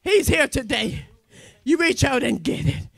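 A woman evangelist preaching a fervent sermon, often shouting and exclaiming hallelujah. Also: sits high, animated, unhurried, creaky, dry recording.

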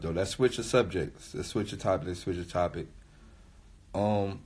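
Husky, low-voiced man ranting on a livestream. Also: a little mellow. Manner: repetitive, emphatic, swears often. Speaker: rapper livestreaming to followers. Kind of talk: rambling, profane livestream rant. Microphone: phone mic on a live stream.

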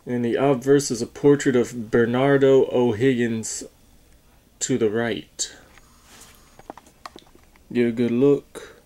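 Slow-talking guy doing a coin review vlog, dark mellow voice, kinda unsure. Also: medium pitch, fairly even intonation. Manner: slow, halting, unsure talk with fillers and self-corrections.

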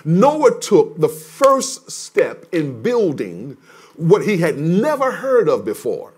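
A male pastor preaching a sermon, emphatic and repetitive, dropping from loud declarations to hushed words. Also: fairly high pitch, wildly swooping pitch, slow pace, breathy edge. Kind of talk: livestreamed sermon teaching.

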